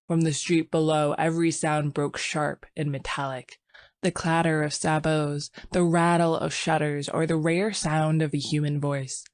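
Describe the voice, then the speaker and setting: A woman narrating an audiobook in a slow, measured, somber way, recorded dry and close. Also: low voice, flat delivery, no room sound. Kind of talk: scripted narration.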